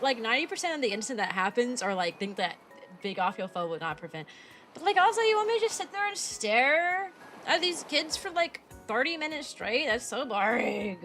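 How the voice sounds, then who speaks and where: A woman's voice: medium pitch, fairly bright tone. A young woman streaming casually as a VTuber, talking energetically and playfully and breaking into silly voices and barks. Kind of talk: casual livestream chat.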